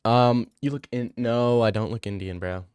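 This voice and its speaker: A man's voice: mid-range voice, steady tone, moderate pace, a little mellow, smooth, no room sound, clean studio sound. A young man streaming casually, answering viewer messages in a crude, rambling, joking way.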